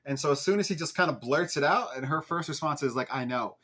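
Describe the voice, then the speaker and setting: A young man casually recapping a TV episode as a podcast host, animated, laughing and swearing at the plot. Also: on the high side, fast talker, husky.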